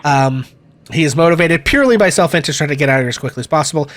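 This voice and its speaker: A man running a tabletop game as game master, talking in a relaxed way with many fillers. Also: fairly high pitch, racing.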